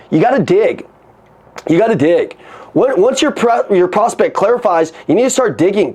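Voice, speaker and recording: Sales coach, male, high voice, energetic, swears, acts out dialogue. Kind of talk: coaching talk on a call.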